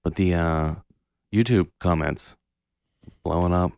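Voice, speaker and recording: Low-voiced man ranting on a podcast. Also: takes it slowly, creaky, smooth, no room sound. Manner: animated, profane, ranting. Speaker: podcast co-host. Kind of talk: casual chat.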